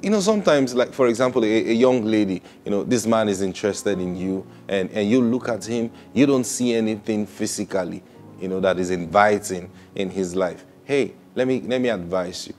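Animated preacher man. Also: lowish voice, normal speed, faint music behind. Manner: animated, acts out quoted people, repeats words. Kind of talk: sermon.

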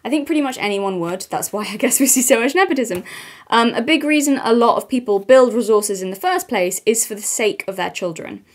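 A woman's voice: on the high side, lively intonation, brisk. A woman giving chatty, opinionated commentary on her channel, with frequent ums. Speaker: commentary vlogger. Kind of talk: casual commentary.

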